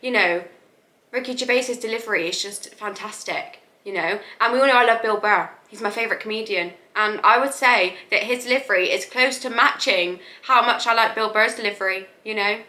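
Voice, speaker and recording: A woman's voice: medium pitch, brisk, pushed and bright, reverberant. A woman hosting a reaction video, chatting casually and filling with "you know".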